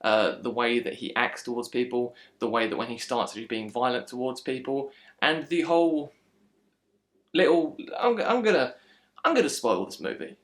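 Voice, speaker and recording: A man's voice: medium pitch, moderate pace, a bit bright. A man giving a casual, frustrated film critique, slipping into mocking impressions. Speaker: film reviewer.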